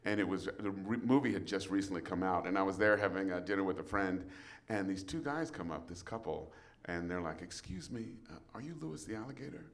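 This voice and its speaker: A man, a voice actor, guesting on a live variety show interview and telling animated stories with frequent laughter. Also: low-pitched, brisk. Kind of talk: casual interview storytelling. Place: outdoor live show at an RV park.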